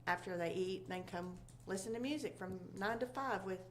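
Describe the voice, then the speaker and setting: Lady on a local talk show, rambly, lots of ums, kinda low hum behind. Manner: rambling, halting with many fillers. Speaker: chamber of commerce member.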